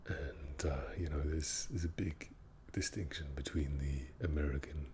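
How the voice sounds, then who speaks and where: A man giving a whispered ASMR talk, speaking in a soft unvoiced whisper, an unhurried explainer who often doubts himself. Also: a bass voice, fairly even intonation, a little hiss or hum. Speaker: ASMR creator.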